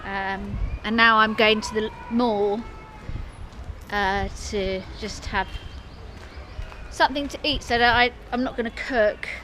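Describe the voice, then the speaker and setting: A woman's voice: on the high side, fairly even intonation, a little slow. Chatty woman vlogging on a noisy street. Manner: chatty, rambling, soft and subdued at times. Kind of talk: casual walking vlog. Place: outdoors on a street.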